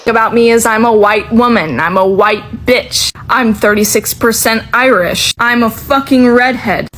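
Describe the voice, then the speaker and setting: A woman's voice: a little high, normal speed, a bit bright, slight background noise, low-quality recording. A woman talking casually to camera, exasperated and blunt, swearing freely.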